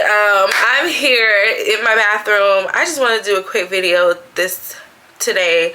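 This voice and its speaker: A woman's voice: mid-range voice, bright, forceful tone, rough recording. A woman vlogging from her bathroom at home, talking casually about her pregnancy with lots of "like" and "you know". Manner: chatty, frequent fillers "like" and "you know". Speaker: vlogger, expecting mother. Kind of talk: casual chatty vlog.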